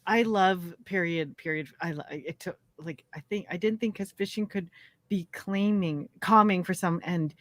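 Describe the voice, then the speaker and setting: A woman's voice: lowish voice, no echo. Brief: woman co-host, casual stream chat, giggly, stop-start delivery, dry sound. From Canada. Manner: giggly, halting, lots of fillers.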